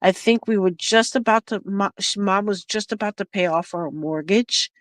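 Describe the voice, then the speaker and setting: A woman's voice: mid-range voice, normal speed, dry recording, low-quality recording. A woman hosting a casual beading stream, telling a family story with lots of laughter and restarts. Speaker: craft livestream host. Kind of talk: casual chat while beading.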